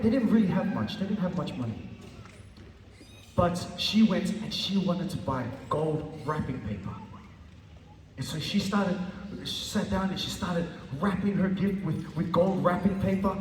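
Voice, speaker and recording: A man's voice: sits high, far from the mic, slight background noise. A male pastor preaching and telling a story in an earnest way, often repeating himself and restarting phrases. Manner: earnest, repetitive, halting restarts. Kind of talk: sermon with storytelling. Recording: echoey hall, voice from afar.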